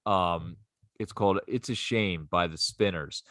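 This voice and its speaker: A man's voice: low-pitched, unhurried, a bit bright, dry recording, studio quality. A man who is a podcast guest, telling bar stories in a rambling, casual way full of fillers. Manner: rambling, filler-heavy anecdotes with acted quotes. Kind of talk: casual storytelling. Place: podcast studio.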